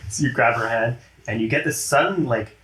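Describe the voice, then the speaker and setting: A man's voice: mid-range voice, expressive, moderate pace, fairly bright tone. A man narrating a tabletop game as game master in a chatty way, laughing often and slipping into character voices. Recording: roomy echo.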